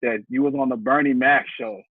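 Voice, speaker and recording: Husky man on a tinny phone-like line. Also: medium pitch, fairly even intonation, brisk, no room sound. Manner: conversational, laughs often. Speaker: podcast host. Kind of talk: casual interview.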